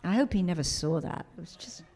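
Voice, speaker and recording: A middle-aged woman speaking on a convention panel, with a slightly low voice. She tells her stories with energy, acting out what others said. Her talk is warm and chatty. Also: fast, breathy edge. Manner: animated storyteller who acts out quotes. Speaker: convention guest of honor.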